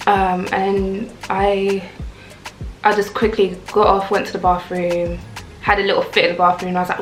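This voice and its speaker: A young woman, telling a casual storytime rant in a chatty, animated way. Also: medium pitch, moderate pace. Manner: chatty, animated, lots of "like" and "I was like". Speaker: vlogger. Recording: echoey room with faint music.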